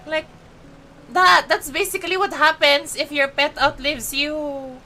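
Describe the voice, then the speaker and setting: Bright-voiced Filipino woman streamer. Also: high voice, steady tone, a little slow, a little hiss or hum. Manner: chatty, emotional, mixes English and Tagalog. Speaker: game streamer. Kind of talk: casual live-stream chat.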